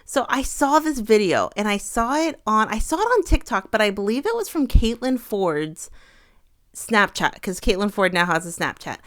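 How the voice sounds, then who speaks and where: A chatty woman co-hosting a casual talk show, retelling clips with bursts of laughter. Her voice is smooth and clear, recorded close and dry with no room sound. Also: medium pitch, animated, moderate pace, fairly bright tone, no room sound. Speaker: co-host. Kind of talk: casual chat.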